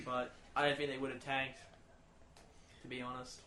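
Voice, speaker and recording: A man's voice: mid-range voice, completely flat delivery, bright, forceful tone. Rambling young man, echoey room. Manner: rambling, halting, self-interrupting. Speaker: podcast co-host. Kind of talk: casual chat. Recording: echoey room with faint noise.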